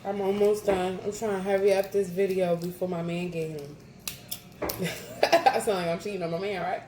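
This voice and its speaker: A woman's voice: medium pitch, steady tone, moderate pace. A young woman chatting casually between bites in an eating vlog at home, laughing at herself as she goes. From New Jersey. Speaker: mukbang vlogger. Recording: echoey room, audible noise.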